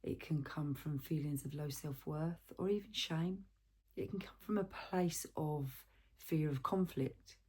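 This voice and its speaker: A woman counsellor giving a gentle, reflective self-help talk and asking the viewer questions. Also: sits low, a little slow, husky.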